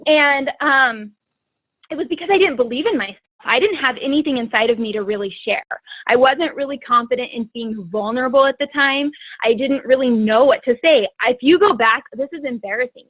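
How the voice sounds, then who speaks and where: A woman's voice: high voice, no echo. A woman speaking as a guest fitness coach, telling her story in a chatty way with lots of "like" fillers. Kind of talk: personal testimony talk. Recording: tinny phone-line sound, dry.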